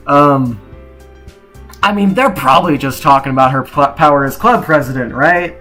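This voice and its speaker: A high-voiced young man commentates a scary game live, jumpy and quick to laugh in mock panic. Faint game music runs behind him. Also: a bit bright. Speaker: gaming streamer. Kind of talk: live let's-play commentary.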